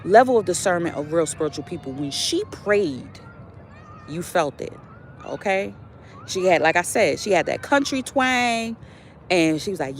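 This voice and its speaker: A woman's voice: fairly low pitch, expressive, moderate pace, slight background noise. A young adult woman, a spiritual vlogger, telling a story in a casual monologue with lots of fillers and preachy asides while out on a walk.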